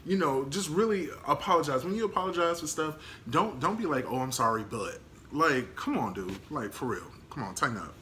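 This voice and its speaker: A man's voice: a little high, very animated, brisk, few pauses, pushed and bright, slight background noise. A man talking casually to camera in a blunt, candid, slangy way, laughing now and then. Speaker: vlogger.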